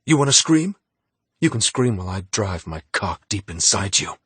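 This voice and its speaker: A man voicing a crude, threatening male impostor in an audiobook, with low, growling threats. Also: very animated, moderate pace, fairly bright tone, breathy edge, no echo, exaggerated voice. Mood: menacing. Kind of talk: audiobook dialogue.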